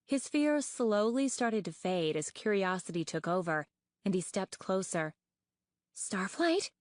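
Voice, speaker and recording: Rich: A woman reads an audiobook slowly and deliberately, each phrase given room. Her voice sits in a mid range and is recorded close and dry. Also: mid-range voice, dry recording. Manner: measured, expressive reading. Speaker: audiobook narrator. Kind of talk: scripted narration.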